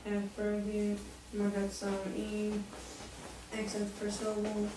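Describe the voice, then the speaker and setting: A woman's voice: mid-range voice, completely flat delivery, measured pace. A woman student reading aloud, reciting the steps of coding words in a methodical way. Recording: very echoey, distant, faint noise.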